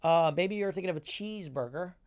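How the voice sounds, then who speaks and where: A man rattles along at high speed, his voice sitting a touch above the usual for men. He talks in an excitable rush and repeats himself as he goes. The sound is close and dry. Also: fairly quick, dry recording. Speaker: guest, magician and entertainer. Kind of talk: animated podcast chat.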